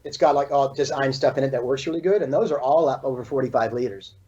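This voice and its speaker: Fast-talking husky-voiced man on a call. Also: medium pitch, dark tone. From California. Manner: fast, loose talk full of "like" and "you know". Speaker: surfboard shaper, guest. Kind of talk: casual interview chat. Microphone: video call. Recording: dull, lo-fi video call audio.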